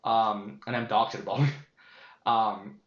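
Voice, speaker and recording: A man's voice: fairly low pitch, fairly even intonation, unhurried. A man hosting a casual vlogcast, talking in a candid, profane, rambling way, full of fillers and restarts. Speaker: vlogcast host. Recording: roomy, slightly dull sound.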